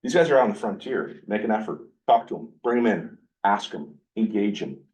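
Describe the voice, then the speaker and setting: A man speaking casually to a workshop group about recovery, blunt and animated, sometimes acting out the things people said to him. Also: on the low side, fairly quick, far from the mic, poor audio. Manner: blunt, animated, acts out his own quoted dialogue. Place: meeting room with a live group.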